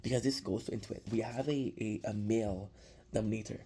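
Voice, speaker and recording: This young man is a show reviewer rambling through a casual episode recap, full of restarts and fillers. He speaks briskly in a fairly low, steady, warm voice with a husky edge.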